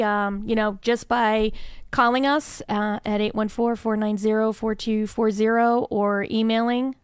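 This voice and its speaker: A woman's voice: on the high side, smooth, no echo, studio quality. Enthusiastic woman guest explaining her program. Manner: chatty and enthusiastic, frequent "um, you know" fillers. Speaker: incubator staff member, interview guest. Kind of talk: conversational interview answer.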